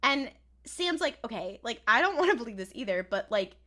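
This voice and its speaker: Woman podcast co-host, fairly high and bright, animated delivery, recaps scenes and mimics characters mockingly. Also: brisk. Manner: animated, laughs often, acts out lines in flat mock voices. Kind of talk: casual chat recapping a TV episode.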